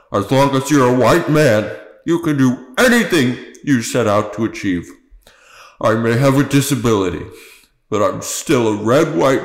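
A man's voice: mid-range voice, roomy sound, lightly acted, poor audio. A man playing an earnest werewolf candidate. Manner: speechifying, earnest. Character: male werewolf mayoral candidate, earnest, awkward. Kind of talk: comedic table read.

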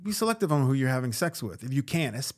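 A man's voice: medium pitch, big pitch swings, fast. A man, an actor and comedian, chatting casually as a podcast guest and acting out quotes in put-on voices. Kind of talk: casual storytelling chat.

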